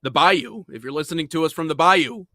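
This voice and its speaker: A man co-hosting a live show in a studio, chatting loosely and cracking jokes. His voice is bright and forceful, recorded dry and close on the mic, and he rambles from one bit to the next. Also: on the high side, brisk, no room sound. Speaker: co-host. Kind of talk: casual live show chat.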